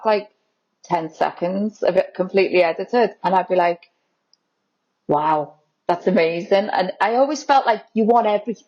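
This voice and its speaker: A woman guest in a casual interview, telling stories in an animated, excited way. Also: mid-range voice, highs cut off. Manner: animated, excited storytelling with quoted voices. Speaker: guest, content creator.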